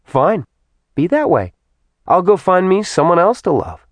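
A man's voice: fairly high pitch, very animated, unhurried, darkish tone, no echo, voice pushed up. A man voicing a bold, mocking young woman in a storybook reading. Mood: teasing. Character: sassy, teasing young woman.

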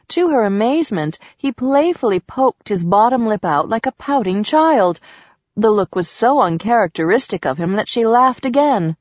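A woman narrating a romance audiobook in an even, sensual storytelling manner. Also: mid-range voice, normal speed, no echo. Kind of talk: scripted narration. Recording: dull dry recording.

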